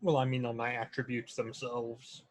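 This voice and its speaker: A man's voice: mid-range voice, little pitch movement, moderate pace. A man playing in a tabletop game, chatting casually and joking animatedly about his rolls. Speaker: player.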